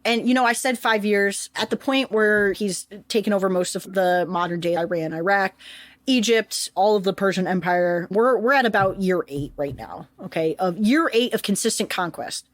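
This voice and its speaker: A woman's voice: medium pitch, normal speed, no echo. A woman co-hosting a podcast, retelling history casually with lots of swearing and jokes. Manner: profane, animated, jokey retelling. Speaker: podcast co-host.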